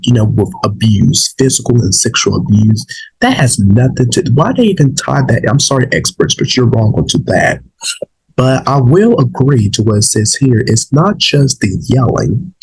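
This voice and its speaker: A man's voice: medium pitch, gravelly, breathy edge, poor audio. A man, a little sick and saving his voice, talking casually to his viewers in a rambling way, with many fillers and restarts. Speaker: vlog host. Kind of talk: casual opinion talk to viewers.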